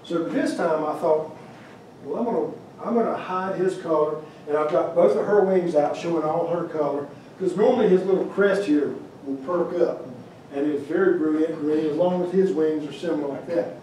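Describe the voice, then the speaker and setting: A man's voice: a little high, moderate pace, hardly any pauses, warm tone, slight background noise. A man giving a humorous, rambling storytelling lecture about his carving at a museum, with many restarts. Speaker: wildlife carver giving a talk. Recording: echoey room, mic far off.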